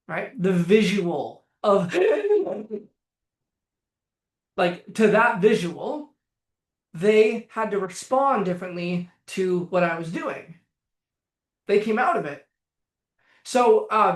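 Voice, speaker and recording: A man coaching on anxiety in a casual talk straight to camera, blunt and profane, animated, with bursts of laughter. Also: high-pitched, reverberant.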